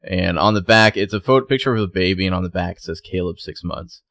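Low-voiced guy chatting through a tv recap, dry close sound, acts out quotes. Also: a bit bright, no echo. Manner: retells scenes with quick quoted voices. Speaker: podcast co-host recapping a TV episode. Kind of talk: casual chat.

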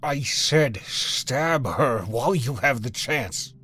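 A man's voice: medium pitch, lively intonation, slow, bright, forceful tone, husky, exaggerated voice. Man doing a grim, commanding school principal. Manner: cold, insistent orders.

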